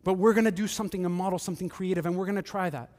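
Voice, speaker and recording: A man preaching a sermon as pastor, animated, with joking asides and acted-out quotes. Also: high voice, racing, in a large hall.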